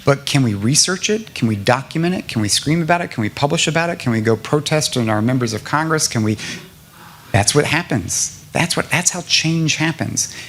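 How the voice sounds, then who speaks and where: A man's voice: a little high, animated, a little fast, a bit bright, slight background noise. A middle-aged man from South Carolina answering a question at a public lecture, earnest and building to emphatic lists. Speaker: guest speaker at a public lecture.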